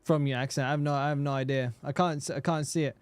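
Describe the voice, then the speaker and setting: Man streaming, slightly higher voice, dry close sound, sweary and casual. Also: steady tone, fast talker, clean tone, no echo. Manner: casual, swears freely, chats with viewers; stammers and repeats words. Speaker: game streamer. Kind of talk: casual live-stream chat.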